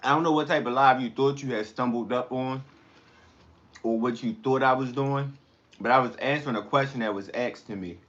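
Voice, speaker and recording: A man's voice: medium pitch, brisk, fairly bright tone, muffled recording. A man hosting a casual live stream, eating while he talks back to comments in a rambling, blunt way. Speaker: livestream host.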